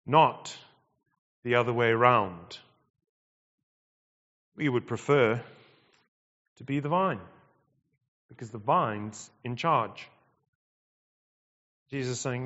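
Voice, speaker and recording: A man preaching a sermon, emphatic and measured, repeating phrases and pausing between them. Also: mid-range voice, expressive, fairly bright tone. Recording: dull sound with long hall reverb.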